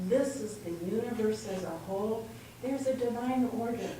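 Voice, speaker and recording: A middle-aged woman shares a spiritual talk, telling stories and acting out dialogue. Her voice sits a little high. She was recorded from a distance in a very echoey room with faint noise behind her. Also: darkish tone. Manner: storytelling, acts out dialogue. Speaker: spiritual speaker. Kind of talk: sermon-style personal talk.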